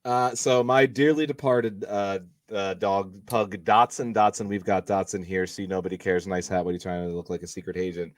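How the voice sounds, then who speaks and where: Man, low voice, dry close mic, casual livestream chat, amused storyteller. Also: steady tone, normal speed, few pauses, dry recording, far from the mic. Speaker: panelist.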